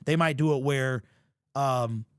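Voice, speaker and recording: A man with a mid-range voice hosts a casual sports talk show, speaking slowly in a clean tone. He's animated and jokey, piling on big exaggeration and lots of slang. The recording is dry and studio quality.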